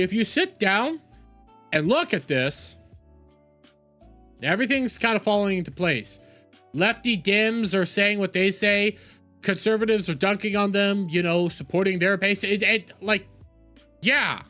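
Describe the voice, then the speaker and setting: Woman streamer, lively swooping pitch, exasperated rant, repeats herself; soft music under. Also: measured pace. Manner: exasperated ranting with repeated words. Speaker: streamer reacting to posts. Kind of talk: livestream reaction commentary.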